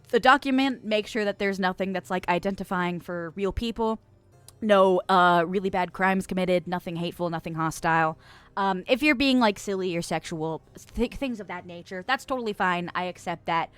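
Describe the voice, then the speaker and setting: A woman's voice: mid-range voice, a bit bright, dry recording. Giggly woman streamer in a dry room. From US West Coast. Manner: playful and giggly, laughs often; chatty with frequent fillers and restarts. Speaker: streamer host. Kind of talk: casual live-stream chat, reading chat messages.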